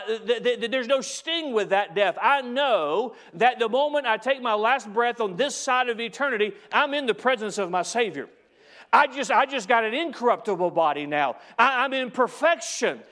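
A man's voice: very high-pitched, fairly bright tone. A man preaching a sermon as pastor, speaking to the congregation directly and driving home key phrases by repeating them.

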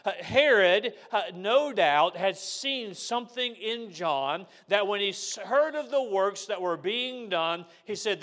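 Man, pastor, high voice, earnest preaching, rhetorical questions. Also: fairly bright tone. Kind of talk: sermon.

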